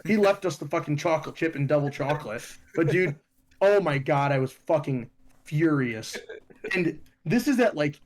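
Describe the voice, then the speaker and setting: A young man from Ohio co-hosting a podcast, telling stories in a profane, animated way. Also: fairly high pitch, moderate pace. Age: young adult. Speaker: podcast co-host. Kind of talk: casual chat.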